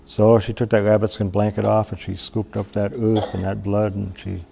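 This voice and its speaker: Gravelly low-voiced male storyteller. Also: level tone, warm tone. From Wisconsin. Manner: unhurried, plain-spoken, with pauses and restarts. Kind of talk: traditional oral storytelling.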